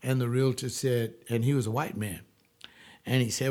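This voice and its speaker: A male pastor telling a personal testimony like a sermon, emphatic and drawing out key words slowly. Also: mid-range voice, steady tone, darkish tone.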